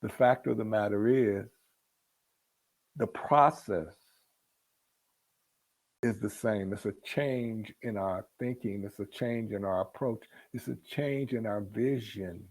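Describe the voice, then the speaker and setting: A man's voice: fairly low pitch, slow, pauses often, a little mellow. A man leading a spiritual book discussion in an earnest, repetitive teaching manner that builds to emphatic peaks. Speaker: book club leader.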